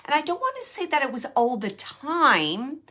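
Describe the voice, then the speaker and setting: Her voice sits high and bright, with huge pitch swings and a forceful tone, at a normal speed. The woman hosts a show doing live mediumship readings, speaking earnestly straight to the sitter and repeating phrases often.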